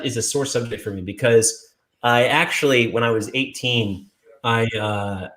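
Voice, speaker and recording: A man in a casual video chat, rambling through animated stories with lots of restarts and laughter. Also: mid-range voice. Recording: roomy echo.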